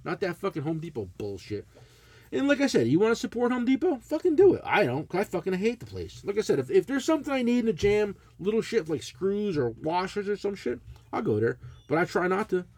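A man's voice: high voice, fairly quick, slightly rough, no room sound. A middle-aged man, telling a profane, blunt story in casual chat as a podcast co-host. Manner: animated, swearing, blunt ranting.

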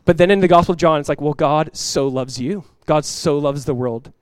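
Animated preaching man with a dry sound. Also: a little high, normal speed, clean tone, no echo. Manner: animated preaching, acts out quoted voices, laughs. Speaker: pastor. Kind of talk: sermon. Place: church.

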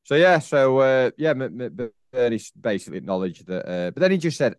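A man co-hosting a casual football podcast, chatty and animated, laughing often as he tells stories. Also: mid-range voice, fairly quick, few pauses, smooth, dry recording, clean studio sound. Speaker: podcast co-host.

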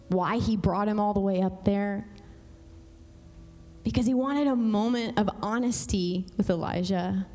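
Female pastor, mid-pitched, emphatic church sermon with long hall reverb. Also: fairly even intonation, darkish tone. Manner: conversational, emphatic, swings between fast and slow. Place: church sanctuary.

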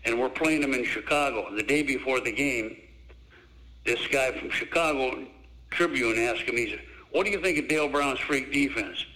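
Older man telling animated coaching stories. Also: medium pitch, moderate pace, rough recording. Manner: animated storyteller, acts out quoted voices. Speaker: basketball coach. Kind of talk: storytelling interview.

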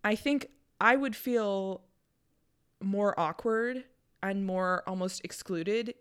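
A woman's voice: mid-range voice, slow pace, a bit bright, clear, resonant tone. Conversational woman co-host. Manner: laughs easily, conversational. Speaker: podcast co-host, tabletop player. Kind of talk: casual chat.

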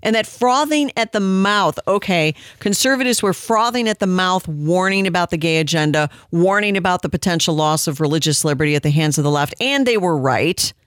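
A woman's voice: fairly low pitch, fairly quick, few pauses, dry recording. A woman hosting a talk radio show, giving sarcastic, combative commentary from a studio. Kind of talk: opinionated commentary.

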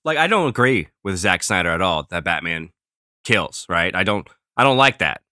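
Blunt man, bright dry voice. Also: deep voice, very animated, normal speed, no echo. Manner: blunt, jokey. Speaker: podcast co-host. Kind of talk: casual podcast chat.

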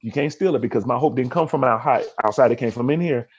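A man's voice: mid-range voice, fast talker, husky, lo-fi sound. A man hosting a podcast interview, rambling with many restarts and openly moved. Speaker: podcast host. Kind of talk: emotional interview conversation.

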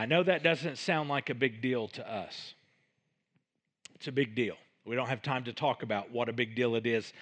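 A male pastor delivering a sermon, reading scripture and voicing its speakers with dramatic shifts in loudness. His pitch moves a great deal and sits a little high for a man. He speaks slowly, with a bright, forward tone. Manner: reads scripture aloud with dramatic swings in volume and pitch.

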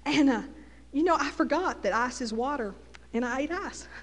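A woman's voice: high voice, animated, moderate pace, big-room sound, slight background noise. A middle-aged woman with a Texas Southern accent, preaching a folksy sermon with call-and-response asides.

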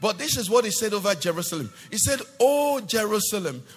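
Male pastor, high voice, swings a lot in pitch, long echo of a church hall. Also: fast, slightly rough, soft background music. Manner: animated preaching with rhetorical questions to the congregation. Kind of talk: sermon.

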